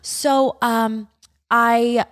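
A woman's voice: a little high, drawn-out words. A woman in her thirties chatting casually as a podcast host, telling stories with lots of fillers and swearing. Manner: animated storytelling, swears, filler-heavy. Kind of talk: casual chat.

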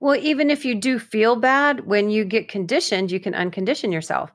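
A woman co-hosting a casual advice talk who speaks with energy and acts out quoted lines in a higher voice. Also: a little fast.

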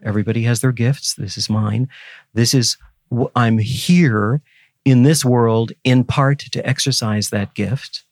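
A man's voice: medium pitch, steady tone, measured pace, dry recording, studio quality. A man in his seventies, a guest scholar in an interview, talking in an earnest, teacherly and emphatic way. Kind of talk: reflective interview conversation.

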